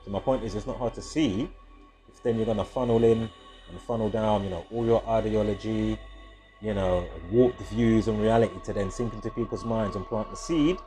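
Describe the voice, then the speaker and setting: A video host with a lowish, warm voice rambles casually and profanely through a monologue at a moderate pace, often stopping to correct himself. Faint music plays in the background.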